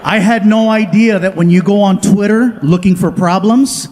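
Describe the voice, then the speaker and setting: Animated stand-up comedian, high voice. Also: male voice, a little hiss or hum. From Southern California. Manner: animated, acts out family and friends in quick voice switches. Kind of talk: stand-up storytelling. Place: comedy stage before a live audience.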